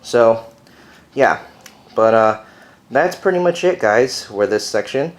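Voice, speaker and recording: A man's voice: mid-range voice, expressive, slow pace. A young man giving a casual, rambling video update from his bedroom, with many fillers. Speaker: Lego builder vlogger. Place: bedroom at home.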